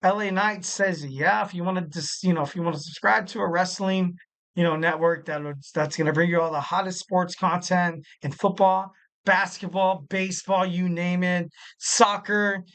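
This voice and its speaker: A young man hosting a wrestling podcast solo, talking casually in a rambling, animated way with frequent laughs. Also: high voice, moderate pace, low-quality recording. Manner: rambling and animated, full of "like" and "you know", laughs a lot.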